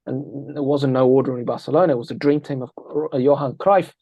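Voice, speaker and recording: A man's voice: medium pitch, fast, vocal fry, no room sound. Man telling football stories animatedly. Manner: energetic, tells anecdotes with quoted dialogue. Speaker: interview guest, football analyst. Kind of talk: animated storytelling interview.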